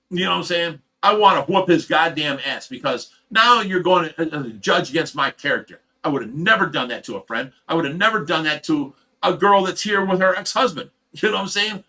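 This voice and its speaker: A man's voice: a little high, sharp tone. A man hosting a livestream, telling a heated, rambling story full of swearing in casual chat. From Ohio. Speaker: livestream host.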